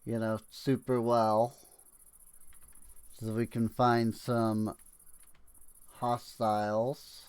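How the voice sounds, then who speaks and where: A man's voice: medium pitch, little pitch movement, extremely slow, long pauses, smooth. A man streaming a game, musing and wry as he talks through his play with frequent fillers. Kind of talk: game commentary.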